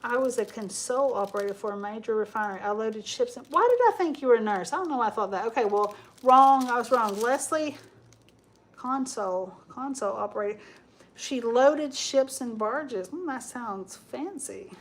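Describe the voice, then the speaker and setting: A woman's voice: a little high, lively intonation, brisk. A woman hosting a live crafting stream, chatting casually in a rambling way and reading viewer comments aloud as she works. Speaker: craft livestream host.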